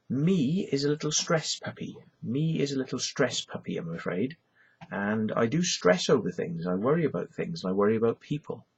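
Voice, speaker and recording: A middle-aged Welsh man talks to camera in a loose, rambling way, leaning on "you know" again and again. His voice sits low and gravelly, with a deeply husky edge. The recording sounds muffled and lo-fi. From Wales. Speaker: YouTuber. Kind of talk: casual rambling monologue.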